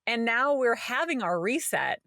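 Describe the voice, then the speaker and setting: A woman's voice: fairly high pitch, moderate pace, dry recording, studio quality. A woman co-hosting a podcast, telling a story in casual chat and acting out what people said. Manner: animated storytelling, acting out quoted voices. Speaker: podcast co-host.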